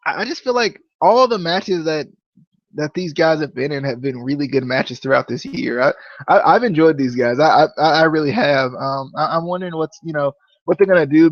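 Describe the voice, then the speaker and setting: A young man hosting a casual wrestling review podcast, rambling and stammering, often repeating words when he gets excited. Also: fairly high pitch, no echo, muffled recording. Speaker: podcast host.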